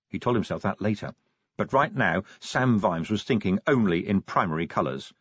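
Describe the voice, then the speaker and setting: A low, husky male voice narrates an audiobook with wry drama, his pitch rising and falling in lively curves. The recording is dry and close, with a slightly dull, muffled top end. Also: normal speed, no room sound. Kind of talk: scripted narration.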